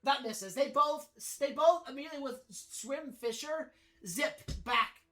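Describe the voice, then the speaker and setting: A woman's voice: high-pitched, measured pace, a bit bright, faint music behind, rough recording. Woman narrating as game master. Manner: dramatic narration with frequent restarts and laughs.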